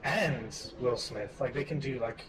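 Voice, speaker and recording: A man co-hosting a casual chat, easygoing and jokey, pausing on fillers. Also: mid-range voice. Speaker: co-host. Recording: loud background noise.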